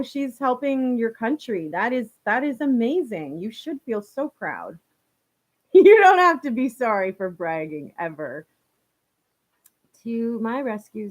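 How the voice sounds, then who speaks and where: This is a young Canadian woman talking on a relaxed live stream. Her voice sits fairly high, and she chats warmly with viewers as she reads their comments aloud. Her speech is loose and full of fillers, with frequent laughter between thoughts. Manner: chatty and warm toward viewers, laughs often, many "like" and "you know" fillers. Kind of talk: casual live chat, reading viewer comments.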